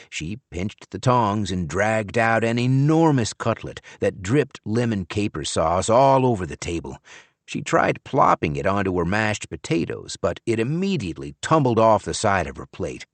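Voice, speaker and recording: A man narrating a novel in the first person, wry and expressive. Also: lowish voice, no room sound. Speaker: audiobook narrator.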